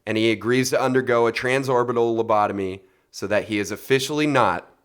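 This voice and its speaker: A man's voice: mid-range voice, brisk. A man co-hosting a casual film podcast, summarizing plots with frequent laughs. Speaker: podcast co-host. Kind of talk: casual chat.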